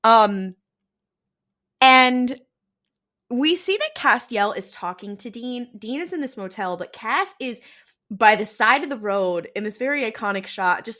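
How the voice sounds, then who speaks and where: Bright-voiced woman recapping a TV episode. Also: on the high side. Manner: animated retelling with quoted voices and laughter. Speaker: podcast co-host. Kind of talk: casual recap chat.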